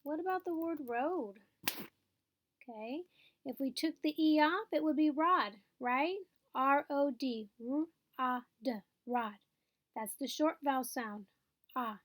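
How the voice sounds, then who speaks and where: Slow, patient, high-voiced woman teacher. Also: no echo. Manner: patient, explains step by step, checks in with "okay?". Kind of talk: phonics lesson.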